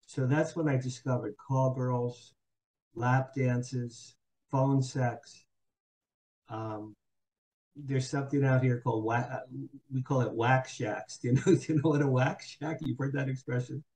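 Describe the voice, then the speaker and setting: An older man speaks as a podcast guest, telling his own story in a frank, halting way. His tone is mellow and relaxed, never sharp. He stumbles, repeats himself and fills gaps with ums and uhs. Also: mid-range voice, rough recording. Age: 60s. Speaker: guest, publicist and author. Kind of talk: candid personal storytelling. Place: Hollywood.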